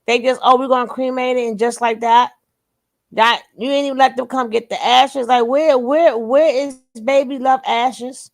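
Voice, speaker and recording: A woman's voice: sits high, steady tone, moderate pace, vocal fry. A woman giving reaction commentary, emphatic and blunt, repeating her phrases again and again. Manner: blunt, curses then apologizes.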